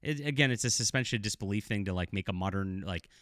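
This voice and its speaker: A man's voice: on the low side, quick pace, fairly bright tone, no room sound, clean studio sound. A middle-aged man giving casual video commentary as a TV show reviewer, blunt and critical, rambling with fillers.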